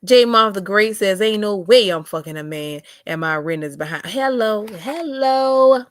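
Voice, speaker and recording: A woman's voice: on the low side, flat delivery, normal speed, fairly bright tone, no echo, studio quality. A young adult woman hosting a casual livestream, reading chat comments aloud with sassy drawling asides.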